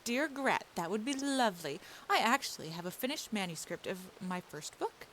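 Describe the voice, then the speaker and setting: A woman's voice: medium pitch, expressive, moderate pace, a bit bright, natural voice. A woman playing Tilda, a polite young writer in a roleplay game, speaking in a gracious, letter-like way. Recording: faint hiss.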